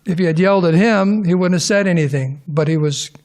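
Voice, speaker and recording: A man's voice: high-pitched, a little fast, darkish tone. A middle-aged man giving an informal scripture class to a live audience in a temple hall, rambling, restarting sentences and tossing questions to the listeners.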